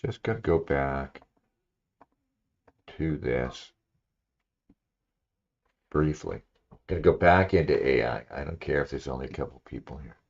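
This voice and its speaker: Very deep gravelly man rambling on stream. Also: a little slow, long pauses. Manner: rambling, opinionated, frequent "you know" fillers. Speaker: livestream host. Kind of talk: casual solo livestream monologue, reading aloud at times. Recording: slightly dull lo-fi stream audio.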